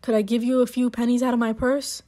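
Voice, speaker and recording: A woman's voice: on the high side, level tone, quick pace, dark tone, lightly acted. A woman doing a curt desk attendant. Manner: curt, questioning.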